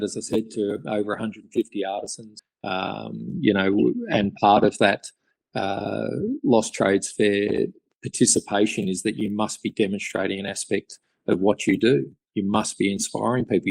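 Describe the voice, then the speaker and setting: A man's voice: on the low side, vocal fry, a little mellow, no room sound, low-quality recording. An Australian man, a craftsman guest on a podcast, telling stories in an enthusiastic, rambling way. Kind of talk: casual interview chat.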